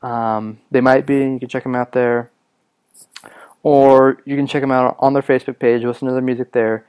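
A young man hosting a casual solo podcast, raspy from a cough, rambling with lots of ums and restarts. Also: medium pitch, little pitch movement, moderate pace, darkish tone. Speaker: podcast host.

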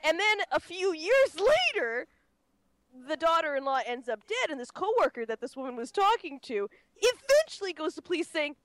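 A woman's voice: sits high, normal speed, no echo. A woman co-hosting a casual true-crime podcast, rambling and swearing freely. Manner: animated, swearing, rambling with restarts. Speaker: podcast co-host.

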